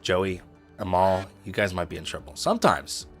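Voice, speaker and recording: Brief: easygoing Midwestern man, lower register, joking livestream host. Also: big pitch swings, normal speed, a bit bright, soft background music. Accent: neutral Midwestern. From Indianapolis, US Midwest. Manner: chatty, joking with chat, playful asides. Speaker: trading livestreamer. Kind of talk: casual livestream commentary.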